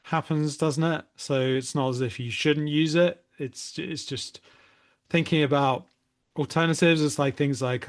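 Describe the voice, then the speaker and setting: A man's voice: on the high side, steady tone, unhurried. Male podcast co-host asking tag questions. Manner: conversational, asks tag questions, hedging. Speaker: podcast co-host, English teacher. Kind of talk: casual podcast chat.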